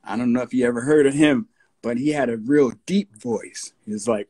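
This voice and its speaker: A man in his sixties with a New York accent, a guest recalling his past in a relaxed storytelling interview. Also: mid-range voice. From United States. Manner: slow, unhurried storyteller with husky tone, breaks into voices of radio DJs.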